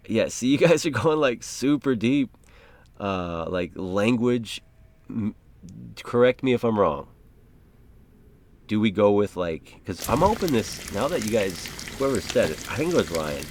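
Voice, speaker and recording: Casting: low-pitched man, rambling easygoing gaming host, game noise audible underneath. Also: expressive, normal speed. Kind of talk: casual gameplay commentary.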